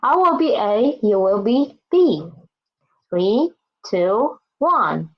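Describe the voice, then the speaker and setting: A woman's voice: mid-range voice, sing-song, very slow. A woman teaching a beginner language lesson, speaking patiently and repeating each word so that learners can follow. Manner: patient, repeats words and asks "right?". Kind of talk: slow, careful classroom instruction. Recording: dull, lo-fi recording.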